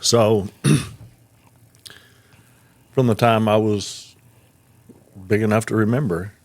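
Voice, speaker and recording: A man's voice: fairly low pitch, fairly even intonation, slow. A man co-hosting a podcast, speaking plainly and sincerely in casual chat. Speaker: podcast co-host.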